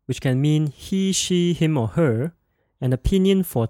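Man with a dry, close sound, teaching clearly. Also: a little high, expressive, a little mellow, dry recording. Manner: slow, clear modeling of sounds for repetition. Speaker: language teacher and podcast host. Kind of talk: scripted podcast language lesson.

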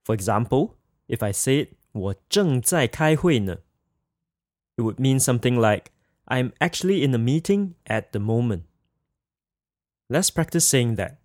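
A man leads a scripted language lesson at an unhurried, deliberate pace. He says each practice phrase twice, clearly and patiently. His voice sits in an ordinary middle register and is recorded dry and close, with no room sound. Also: mid-range voice, expressive, no echo. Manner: slow, careful, repeats each example phrase twice. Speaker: language teacher.

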